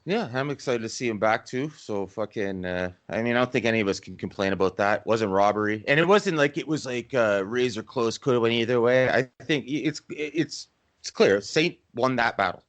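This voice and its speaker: Male podcast co-host, mid-pitched, emphatic, salty language. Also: animated, fairly quick. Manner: swears freely, emphatic. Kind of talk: casual chat.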